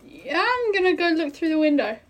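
Very high-pitched excitable woman. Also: a little fast. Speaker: player. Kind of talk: playing a tabletop game.

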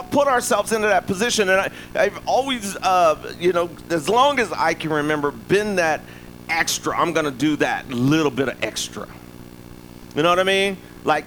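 Male pastor, slightly higher voice, easygoing sermon delivery, faint ambience behind. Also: animated, normal speed, bright, forceful tone, slight background noise, rough recording. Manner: conversational preaching with frequent "right?" asides.

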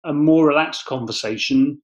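Thoughtful man in a dull recording. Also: a little high. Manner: thoughtful, measured, with gentle restarts. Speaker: podcast guest. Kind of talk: reflective conversational explanation. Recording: slightly dull lo-fi sound.

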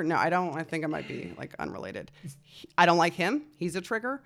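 A woman in her thirties telling a story in casual chat, animated and swearing, acting out what others said. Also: sits low, normal speed, creaky. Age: 30s. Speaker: podcast guest.

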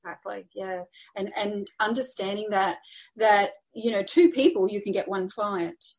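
A woman's voice: medium pitch, steady tone, normal speed, a little mellow. A woman guest, a coaching client, talking casually and chattily with lots of fillers. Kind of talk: casual conversation.

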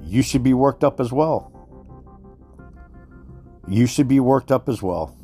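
A man's voice: medium pitch, animated, takes it slowly, dark tone, breathy edge, soft background music. A man giving a heated, profane monologue, worked up and repeating himself as he speaks to his listeners. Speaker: commentator. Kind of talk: profane conspiracy rant.

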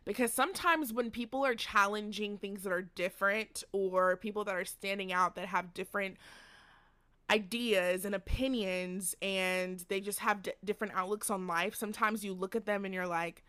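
A woman's voice: mid-range voice, fairly quick, bright, forceful tone, no echo. A young woman hosting a faith podcast, talking earnestly and candidly about her life in a rambling, personal monologue from home. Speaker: podcast host. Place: at home during a storm.

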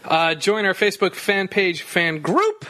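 A man's voice: high-pitched, big pitch swings, pushed and bright. A man co-hosting a comedy podcast, joking and laughing while reading out names. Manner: laughs often, reads names in a drawn-out joking way. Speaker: podcast co-host. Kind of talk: casual comedy podcast banter.

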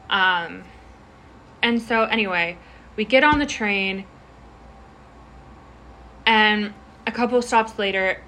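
A young woman chats casually, telling an animated, rambling story full of "like" and "anyway" and quick restarts. Her voice sits at a middle pitch. Faint noise hums underneath. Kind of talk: casual chat.

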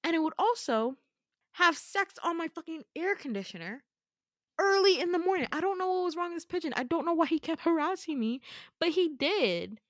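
A woman podcast host telling a story casually, chatty and animated, swearing freely. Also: very high voice, fairly quick, no echo, studio quality. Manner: chatty, profane, animated retelling.

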